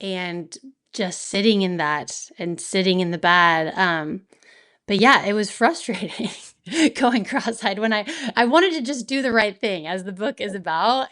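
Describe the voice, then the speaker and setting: A woman in an interview, talking candidly and reflectively with frequent soft laughs. Her voice is smooth and clear, pitched in the middle range. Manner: open, reflective, laughs often while talking. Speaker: author and guest.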